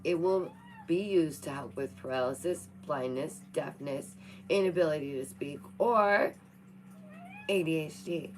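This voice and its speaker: A woman's voice: low voice, unhurried, a little hiss or hum, poor audio. A young woman vlogging, reading science news aloud and joking with her cat in a playful, chatty way. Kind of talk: casual chat reacting to news.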